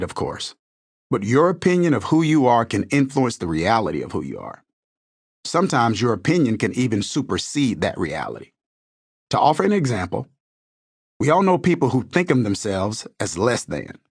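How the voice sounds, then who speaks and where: A man's voice: mid-range voice, husky, no room sound, clean studio sound. A man reading an inspirational self-help book aloud in a scripted, earnest style, building his points through rhetorical questions. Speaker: audiobook narrator.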